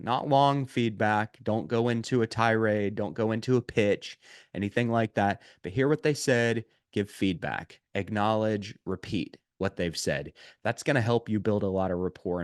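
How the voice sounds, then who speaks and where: A man with a fairly low voice delivers a sales prospecting lesson straight to camera. He talks emphatically, stacking repeated words for stress and filling gaps with "uh" and "um". The sound is dry and close, with no room echo. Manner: emphatic, repeats key points, frequent "uh" and "um". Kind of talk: instructional video lesson.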